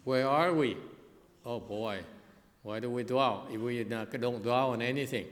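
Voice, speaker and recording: A man giving a Buddhist dharma lecture to a hall, speaking haltingly with many fillers and restarts. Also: medium pitch, fairly even intonation, a little hiss or hum. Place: hot lecture hall without air conditioning. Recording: long hall reverb.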